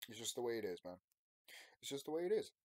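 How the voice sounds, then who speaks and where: Medium-pitched and sing-song, this man talks quickly with a darkish tone in a recording free of echo. He's a thirtysomething YouTuber chatting off the cuff to subscribers, emphatic, rambling, and prone to repeating himself.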